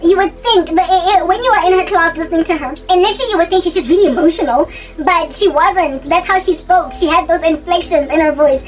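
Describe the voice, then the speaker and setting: A young woman telling a school story in a casual, animated, giggly way. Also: very high-pitched. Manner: giggly, animated, quick asides. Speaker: channel host.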